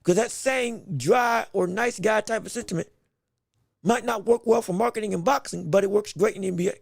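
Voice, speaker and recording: High-voiced animated man with gravelly edge. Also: fairly quick, dry recording, studio quality. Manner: animated, repeats himself, laughs while talking. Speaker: podcast host. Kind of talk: solo sports commentary podcast.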